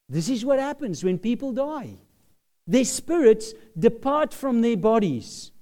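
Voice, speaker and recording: A man preaching a sermon that explains a Bible passage, expressive, with emphatic bursts of loudness. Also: very high voice.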